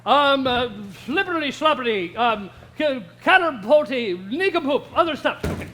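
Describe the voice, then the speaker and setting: A very high, squeaky voice belongs to a pompous, excitable showoff who keeps butting in with jokes and silly noises, as a man puts him on. It is a kids' church skit, loud and goofy. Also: normal speed, full character voice. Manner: goofy, excitable, interrupts with jokes and sound effects. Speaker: comic co-host of a kids' church lesson.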